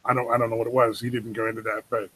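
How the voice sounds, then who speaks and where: Man, easygoing podcast co-host, swears, lots of like, middle pitch. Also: flat delivery, racing, pushed and bright, slightly rough, low-quality recording. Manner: laid-back, profane, peppered with "like". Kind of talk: casual chat.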